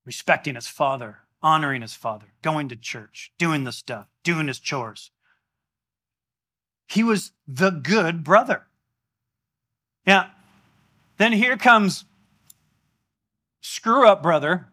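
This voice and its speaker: A man preaching a sermon in a church, animated and exclamatory in a conversational way. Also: fairly high pitch, takes it slowly, long pauses. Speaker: pastor.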